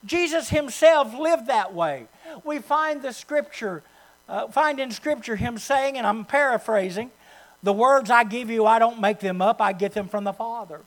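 A pastor preaching a sermon, swinging from loud, rising calls to hushed, low asides, with mains hum behind. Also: male voice, normal speed, low-quality recording.

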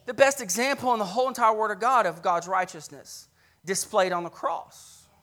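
Passionate male preacher, loud to hushed. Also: normal speed. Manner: passionate, swings from loud emphatic peaks to hushed lows; storytelling, retells scripture scenes conversationally. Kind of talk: sermon.

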